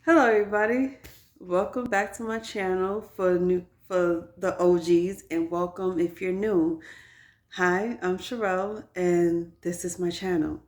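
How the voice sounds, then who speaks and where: A woman's voice: fairly low pitch, steady tone, measured pace. Chatty woman vlogging to her phone. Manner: chatty, candid storytelling to viewers. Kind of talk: casual personal vlog.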